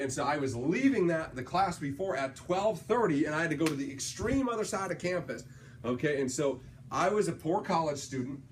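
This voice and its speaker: A man's voice: on the high side, a little hiss or hum. A man giving a motivational sales training talk, telling stories with energy and tagging his points with "right?". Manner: energetic storyteller, tags lines with "right?".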